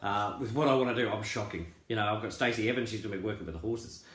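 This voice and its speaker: A man's voice: fairly low pitch, rapid-fire, a bit bright. A man talking casually and earnestly to his group's members, rambling with many fillers and restarts. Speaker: crypto group founder. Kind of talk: casual promotional talk. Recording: roomy echo.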